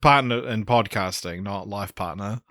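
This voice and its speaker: A man's voice: on the low side, normal speed, a bit bright, no echo, studio quality. A man co-hosting a podcast in casual chat, rambling and laughing as he goes. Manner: chatty, laughs often, rambling. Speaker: podcast co-host.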